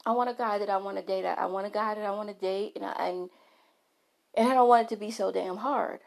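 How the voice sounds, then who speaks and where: A woman's voice: mid-range voice, fairly even intonation, fast talker, creaky. A middle-aged woman vlogger talking frankly and emphatically to her followers, often restarting her sentences. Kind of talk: candid talk to camera.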